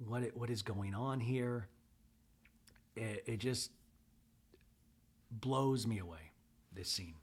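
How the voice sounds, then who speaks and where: A man's voice: lowish voice, slow, pauses often, slightly rough. Earnest man hosting a recap podcast. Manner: earnest, repeats himself for emphasis. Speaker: podcast host. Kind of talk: casual recap commentary.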